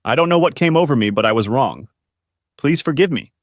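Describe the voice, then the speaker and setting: Guy reading a sorry young woman pleading, storybook style, no real voice change, lots of pitch movement. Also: animated, a little fast, no echo, studio quality, lightly acted. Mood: remorseful. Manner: pleading, remorseful. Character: young woman tearfully apologizing to her partner.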